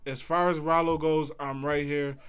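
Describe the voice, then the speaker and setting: A man's voice: fairly high pitch, level tone, moderate pace, a bit bright, clean tone. A man hosting a casual livestream, answering chat in a laid-back, conversational way. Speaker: livestream host reading chat.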